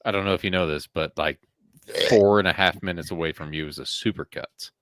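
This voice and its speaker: Male co-host, deep voice, dry mic, jokey ribbing. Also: a little fast, a bit bright, dry recording. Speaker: podcast co-host. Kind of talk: casual banter.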